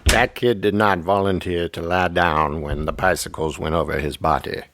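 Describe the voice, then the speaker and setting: A man's voice: low-pitched, normal speed, heavy background noise. A man in his fifties hosting a casual podcast chat, joking and laughing often as he tells stories. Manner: jokey, laughs often, animated storyteller. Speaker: podcast host.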